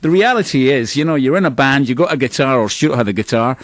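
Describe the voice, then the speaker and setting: A middle-aged Scottish man, the singer in a band, tells long, rambling stories as a radio interview guest, laughing at himself as he goes. His voice is medium in pitch, animated and quick, captured in a dry recording.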